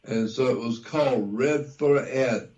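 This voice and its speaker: A man speaking as an interview guest, talking deliberately and repeating key details for emphasis. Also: mid-range voice, darkish tone, muffled recording. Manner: spells out words letter by letter. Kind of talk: conversational interview.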